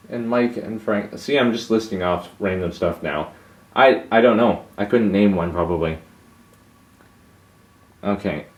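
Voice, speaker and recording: A man's voice: on the low side, a little mellow. A young man answering viewer questions in a casual, hesitant monologue, with many fillers and restarts.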